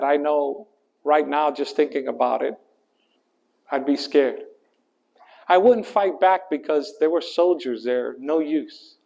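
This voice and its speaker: Male pastor, sermon, unhurried, earnest, calls for congregation responses. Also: gravelly, mellow, dull audio. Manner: slow, earnest preaching that rises in pitch and volume at climaxes; asks the congregation to finish verses.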